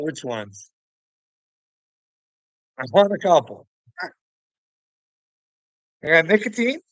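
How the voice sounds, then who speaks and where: A man's voice: on the high side, sharp tone, dry recording, poor audio. Laughing, foul-mouthed man on a livestream. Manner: crude, profane, laughs a lot between remarks; teasing, talks back to viewers' comments. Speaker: livestream host. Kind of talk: casual livestream chat.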